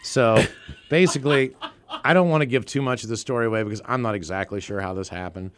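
A man's voice: medium pitch, fast talker, no echo. A man co-hosting a podcast, telling stories in a rambling way, correcting himself and laughing as he goes. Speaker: podcast co-host. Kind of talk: casual storytelling chat.

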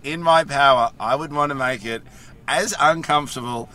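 A man's voice: medium pitch, moderate pace, sharp tone. A man co-hosting a podcast in casual chat, talking keenly and laughing easily. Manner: enthusiastic, loves awkward moments, laughs easily. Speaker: podcast co-host.

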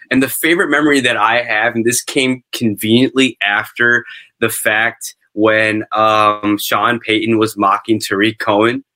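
A man chatting on a podcast in a bright, forceful voice. His storytelling is loose and halting, full of fillers. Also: fairly low pitch. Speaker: podcast co-host. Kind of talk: casual chat.

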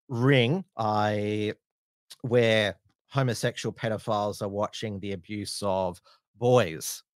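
A man hosting a casual live-stream news show, talking in halting bursts with many "uh" fillers and restarts. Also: on the low side, no room sound, clean studio sound. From Australia.

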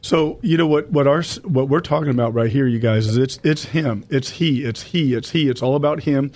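Man, faith radio host, dry close sound, steady mid voice, folksy scripture reading. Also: medium pitch, no room sound. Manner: addresses listeners as folks, reads scripture slowly. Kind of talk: Bible study radio talk.

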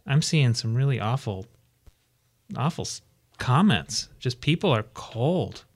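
A man co-hosting a radio talk show, speaking in a soft-spoken, earnest way. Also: medium pitch, expressive, a little slow. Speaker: radio co-host. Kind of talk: studio chat.

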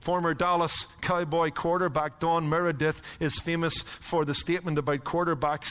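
A man with a high voice preaches in a church sanctuary, swinging between stories and rhetorical questions. His words trail off into the long reverb of a large hall. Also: moderate pace, hardly any pauses. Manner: animated storytelling, rhetorical questions. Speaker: pastor. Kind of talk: sermon.

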